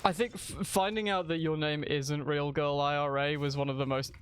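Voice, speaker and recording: A man's voice: on the high side, steady tone, moderate pace, a little hiss or hum. A man streaming a video game, chatting casually and rambling as he thinks aloud, often restarting his sentences. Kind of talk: casual live-stream chat while gaming.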